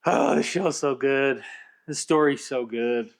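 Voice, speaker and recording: A man's voice: medium pitch, takes it slowly. A man co-hosting a podcast, speaking casually and thoughtfully in a reflective way. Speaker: podcast co-host.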